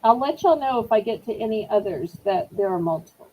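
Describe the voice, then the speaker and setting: A woman's voice: medium pitch, expressive, brisk, dark tone, rough recording. A middle-aged woman hosting a live online auction, chatting in a rambling, apologetic way. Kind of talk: live-stream selling chat.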